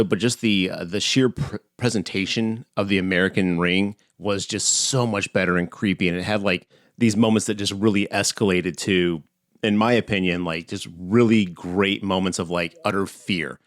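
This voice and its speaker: A man's voice: lowish voice, moderate pace, no room sound, clean studio sound. A man from Texas co-hosting a podcast in casual chat, opinionated and teasing, swearing now and then. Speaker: podcast co-host.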